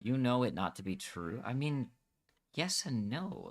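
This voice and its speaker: A man's voice: medium pitch, unhurried. A young Scottish man chatting casually while gaming, arguing his point with energy and some swearing. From Scotland. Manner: animated, argumentative, swears freely. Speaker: Minecraft server streamer.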